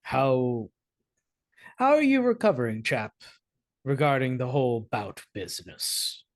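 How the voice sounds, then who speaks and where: A player voicing Sir Atticus, a blunt British gentleman, in clipped old-fashioned phrasing during tabletop role-play. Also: medium pitch, big pitch swings, measured pace, no room sound, clean studio sound, voice pushed down. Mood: brusque.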